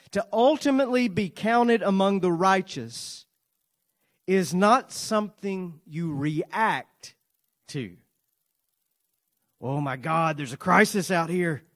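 A pastor preaching to his congregation, earnest, with dramatic swings between loud emphasis and soft, quiet lines, and playful asides. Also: a little high. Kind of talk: sermon.

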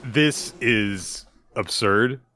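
A man's voice: lowish voice, extremely slow. A man co-hosting a podcast, casually recapping a manga chapter and acting out the characters' lines. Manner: animated retelling with acted-out quotes. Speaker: podcast co-host.

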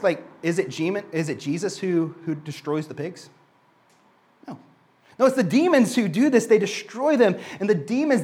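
A man preaching a sermon in a conversational way, often saying "like" and repeating words as he restarts, and reading scripture passages more slowly. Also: high-pitched, a little hiss or hum.

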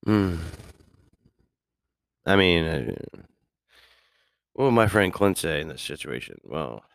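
A man's voice: deep voice, very animated, takes it slowly, vocal fry, long pauses, a bit bright, no room sound, clean studio sound. A man hosting a radio show, rambling casually in a profane, loose way and laughing often. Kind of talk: casual solo talk.

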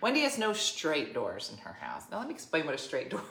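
A woman's voice: sits low, a little fast, vocal fry. A middle-aged woman hosting a casual chat, telling a funny story with frequent laughter and acted-out voices. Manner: animated, laughs often, acts out quoted people. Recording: roomy echo.

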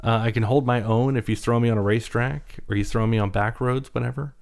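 A man's voice: medium pitch, steady tone, quick pace, vocal fry. A young man hosting a solo podcast, talking casually and rambling, with many fillers and self-deprecating asides. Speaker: podcast host.

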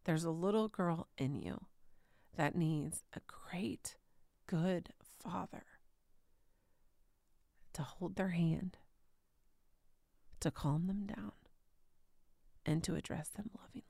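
A woman in her thirties giving a devotional teaching, soft and tender, often dropping to a whisper. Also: low voice, a little slow, gravelly, long pauses, dry recording, studio quality. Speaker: podcast host.

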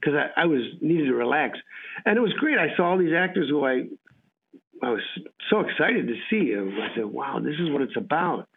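An actor from the United States, interviewed as a guest, spins meandering anecdotes and performs the dialogue of the people involved. He speaks at a fairly high pitch in a sing-song way at a moderate pace, on a tinny, phone-like radio line.

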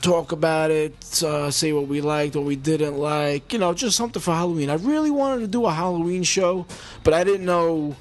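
A man's voice: a little high, moderate pace. Man ranting on his podcast, swearing freely. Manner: rambling, heated, heavy swearing and restarts. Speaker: podcast host. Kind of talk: casual profane monologue. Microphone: mic with homemade pop filter.

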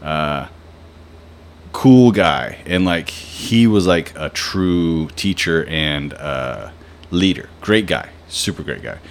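A man's voice: rumbling low, lively intonation, slow pace. A young man telling rambling, profane stories in a casual podcast, with lots of fillers. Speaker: podcast host. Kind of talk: casual storytelling.

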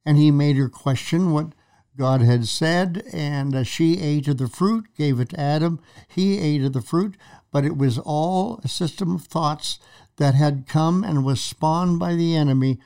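A man's voice: on the high side, a little slow, mellow, smooth. A man co-hosting a faith talk show, retelling Bible stories and acting out quoted lines with dramatic emphasis. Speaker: preacher co-host. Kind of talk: conversational Bible teaching.

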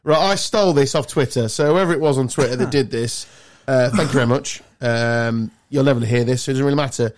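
A man's voice: brisk, hardly any pauses. A man hosting a quiz game with friends in casual banter, playful and teasing. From England. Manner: playful, teasing quizmaster, lively pitch swings. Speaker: podcast host running a quiz game.

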